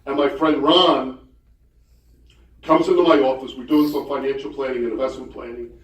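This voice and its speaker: A man in his sixties doing stand-up storytelling, with chatty, hesitant delivery and deadpan punchlines. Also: medium pitch, normal speed. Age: 60s. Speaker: comedian at a banquet. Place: banquet hall. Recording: echoey hall, voice far off.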